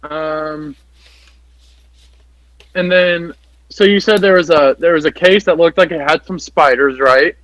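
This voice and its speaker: A man's voice: fairly high pitch, measured pace, long pauses, a bit bright, dry recording, low-quality recording. A man playing a horror tabletop game, hesitant and playful, often stammering. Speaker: player. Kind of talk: tabletop role-play.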